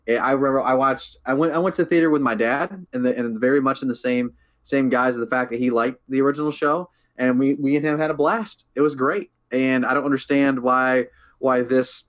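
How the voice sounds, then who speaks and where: A young man co-hosting a casual movie chat in an eager, tumbling way, often restarting his sentences and laughing easily. His voice sits at an ordinary middle pitch. The recording has a dull, slightly lo-fi quality. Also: fairly even intonation, moderate pace. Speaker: podcast co-host.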